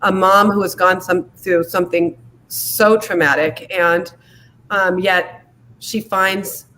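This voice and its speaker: A woman hosts a live online show and introduces her guest with many pauses and fillers. Her speech sounds emotional and unsteady. A faint room ambience sits under her voice. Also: lowish voice, fairly even intonation, sharp tone, a little hiss or hum, low-quality recording. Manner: halting, filler-heavy, emotional. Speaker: livestream show host. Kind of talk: casual heartfelt introduction.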